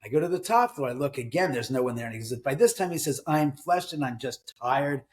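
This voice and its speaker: A man's voice: mid-range voice, expressive, fairly quick. A middle-aged man, an author, telling ghost stories in a casual interview, acting out quoted voices and swearing now and then. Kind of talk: conversational storytelling in an interview.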